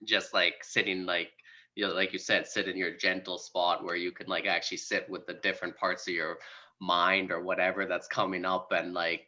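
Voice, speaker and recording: A man hosting a podcast, talking casually and haltingly with lots of filler words. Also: low voice, little pitch movement, pushed and bright, muffled recording. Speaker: podcast host.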